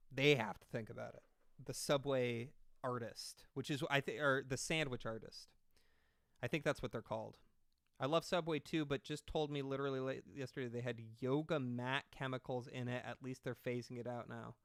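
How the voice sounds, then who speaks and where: A man's voice: mid-range voice, a bit bright, no echo, clean studio sound. A man doing casual reaction commentary, rambling and sarcastic with lots of swearing.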